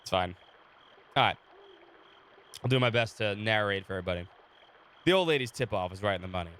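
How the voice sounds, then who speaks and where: Bright-voiced man streaming and narrating a game. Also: fairly low pitch, expressive, fairly quick, slight background noise. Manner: chatty, talks to chat between readings, laughs often. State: sore throat, recovering from illness. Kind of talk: casual live-stream chat and reading game text aloud.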